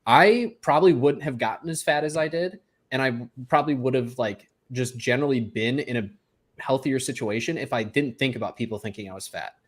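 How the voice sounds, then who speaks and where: A man's voice: mid-range voice, fairly quick. Easygoing man in candid chat. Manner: relaxed, candid, laughs between thoughts. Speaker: podcast co-host. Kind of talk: casual chat.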